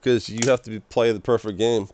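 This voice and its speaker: A man's voice: on the low side, fairly even intonation, brisk, a little mellow, muffled recording, slight background noise. A young man rambling through an emotional personal monologue in a small room, stammering and repeating his words. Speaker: vlogger.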